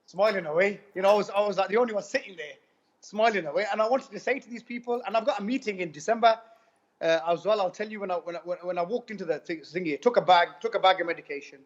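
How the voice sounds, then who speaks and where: A man giving an animated testimonial, retelling conversations in a rapid, repetitive way. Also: sits high. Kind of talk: animated personal storytelling. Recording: dull lo-fi recording.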